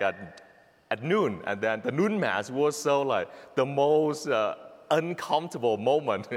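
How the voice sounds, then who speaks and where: Vietnamese accent priest guy, mid pitch, halting homily with lots of restarts, big echoey church. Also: a bit bright. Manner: halting, many restarts and fillers, laughs at his own story. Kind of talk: homily with personal story.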